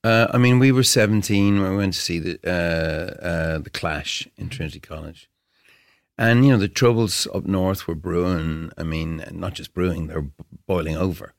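A man with a very low, gravelly voice talks reflectively as a guest in an interview. He circles his thoughts, restarting phrases as he searches for the right words, and the fry in his voice stays through every line. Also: moderate pace. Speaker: guest musician. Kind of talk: casual interview conversation.

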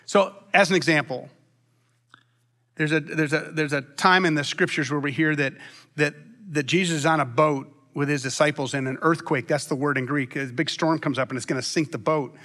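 A man preaching a sermon as pastor, long-winded and animated, with frequent restarts. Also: on the high side, moderate pace.

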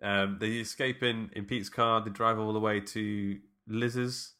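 A man's voice: fairly low pitch, fairly even intonation, unhurried, sharp tone. A man casually retelling a film with a friend, laughing often and quoting lines.

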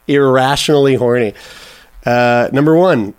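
A male podcast co-host trades casual banter, loose, profane, animated, and joking. His mid-range voice moves at a moderate pace, picked up dry and close on a studio mic.

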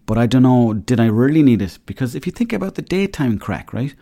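A man's voice: medium pitch, big pitch swings, fairly quick, warm tone. Rambling Irish man in his thirties. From Ireland. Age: 30s. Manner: rambling, joking, acts out little dialogues. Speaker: podcast host. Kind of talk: casual solo podcast monologue.

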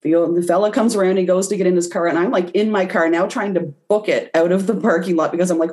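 A woman's voice: fairly low pitch, steady tone, quick pace, few pauses, a little mellow. A woman guest in an interview, telling a personal story and acting out her own reactions as she goes. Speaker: guest, intuitive reader.

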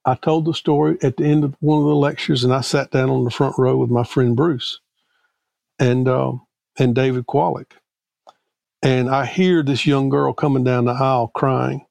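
A middle-aged man from Mississippi, a guest theologian telling a personal story in a podcast interview, earnest and halting with frequent restarts. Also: medium pitch, fairly even intonation, vocal fry, darkish tone, no room sound.

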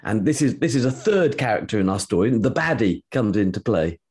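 A man hosting an interview, relaxed and prompting his guest with questions. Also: lowish voice, fairly quick, husky. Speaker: podcast host. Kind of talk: conversational interview.

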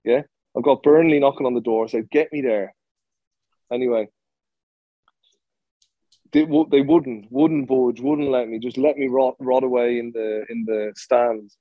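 A man's voice: medium pitch, steady tone, a little slow, no room sound, narrow, tinny audio. A man who played professional football, telling a story in an interview, blunt and swearing freely, with lots of restarts.

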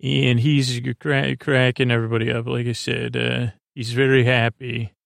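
A man with a gravelly, creaky voice rambles through a recap of a TV episode, full of hesitations and restarts. His delivery stays flat and level. The recording is dry and close, with no room sound. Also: medium pitch, normal speed, no room sound. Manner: meandering, many fillers and self-corrections. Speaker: podcast host.

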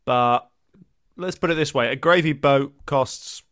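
A man's voice: medium pitch, measured pace, a bit bright. A man co-hosting a comedy podcast in casual banter, playful and jokey, laughing mid-sentence. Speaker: podcast co-host.

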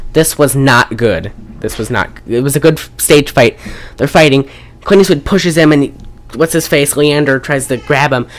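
A young woman hosting a casual chat, retelling a film's scenes in a rambling, profane way. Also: a bass voice. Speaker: podcast host reviewing a film.

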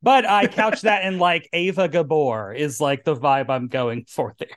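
A man's voice: on the high side, unhurried, fairly bright tone. A man from Tennessee with a Southern accent, hosting a podcast in a campy, rambling drag persona. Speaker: podcast host. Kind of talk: casual chat.

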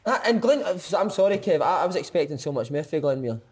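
A man's voice: on the high side, big pitch swings, fast talker, darkish tone. A Scottish man hosting a casual football chat and teasing the other speakers with questions. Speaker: podcast host.

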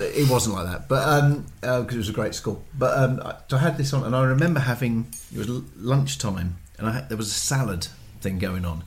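A man's voice: fairly low pitch, fast talker, hardly any pauses, slight background noise. An older man telling long, rambling stories full of ums and restarts in casual family podcast chat. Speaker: podcast co-host, father.

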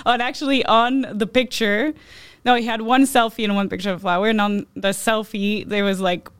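A woman's voice: mid-range voice, fairly even intonation, a little fast, clean tone, no echo, studio quality. A woman telling stories on a podcast, chatty, full of "like", laughing often. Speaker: podcast guest, comedian. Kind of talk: casual storytelling chat.

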